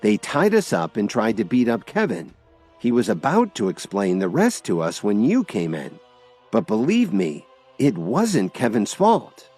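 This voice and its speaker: A man's voice: on the low side, wildly swooping pitch, a little slow, darkish tone, breathy edge, soft background music, pitched above the performer's own voice, heavily acted. A man narrating an audiobook and voicing an exasperated young woman who pleads with her father.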